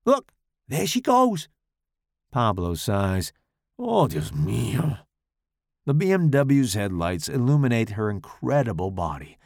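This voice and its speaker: A man reading his own first-person horror story aloud in a slow, dramatic, expressive way. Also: on the low side, vocal fry, no room sound, studio quality.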